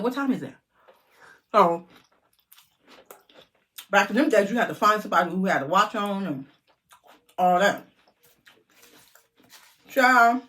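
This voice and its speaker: A middle-aged woman vlogger telling a lively story to her viewers, chatty and animated. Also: medium pitch.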